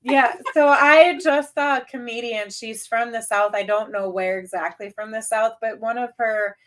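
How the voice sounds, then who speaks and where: A woman's voice: a little high, fairly even intonation, moderate pace, a bit bright. Nasal-sounding Midwestern woman host. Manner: upbeat, chatty. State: nasal from a cold. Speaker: podcast host. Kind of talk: casual interview chat.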